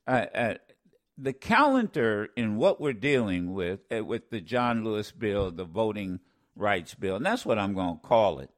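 A man's voice: fairly low pitch, big pitch swings, measured pace. A man hosting a talk radio show, commenting with passion, often stammering and restarting, repeating lines for emphasis like a preacher.

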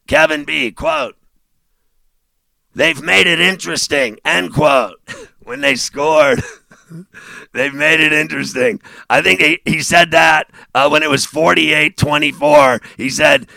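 A male sports radio host delivering a sarcastic monologue, mocking and laughing, dropping low and then bursting out loud. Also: vocal fry, no room sound.

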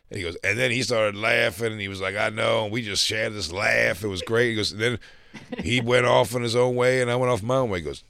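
A man with a lowish voice tells a story on a comedy podcast in casual, animated chat and breaks into laughter often. The studio sound is dry and close, with no room heard. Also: fairly quick, gravelly, dry recording. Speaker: podcast co-host.

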